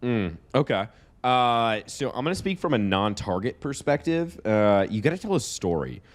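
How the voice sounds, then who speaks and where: A man co-hosting a podcast, telling stories casually with lots of profanity and animated asides. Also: mid-range voice, normal speed. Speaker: podcast co-host. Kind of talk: casual chat.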